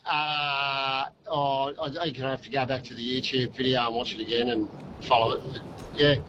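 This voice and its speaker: A man's voice: medium pitch, little pitch movement, normal speed, muffled recording, noisy background. A man with an Australian accent calling in to a radio quiz, easygoing and laconic. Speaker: caller. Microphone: phone line.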